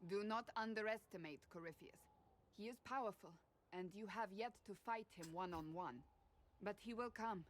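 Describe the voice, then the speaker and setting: A woman's voice: mid-range voice, moderate pace, a little hiss or hum, close to an everyday voice. A woman voicing a stern, devout female warrior in video game dialogue, speaking firmly and solemnly. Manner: firm and solemn.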